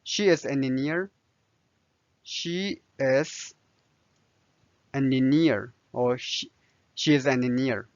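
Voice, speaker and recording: Chinese-native man teaching a lesson, very slow and patient, dry dull sound. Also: medium pitch, dry recording. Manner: slow, careful explanations with many fillers. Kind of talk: language lesson.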